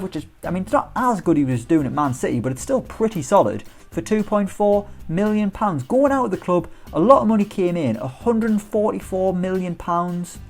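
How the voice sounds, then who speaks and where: A man's voice: sits high, darkish tone. A man giving chatty, upbeat commentary on a football management game, firing off rhetorical questions. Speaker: gaming YouTuber.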